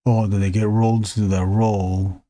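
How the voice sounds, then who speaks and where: A man's voice: lowish voice, little pitch movement, moderate pace, warm tone, no room sound. A man hosting a drawing live stream, chatting casually in a rambling, joking way and swearing freely. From United States. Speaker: artist and live stream host.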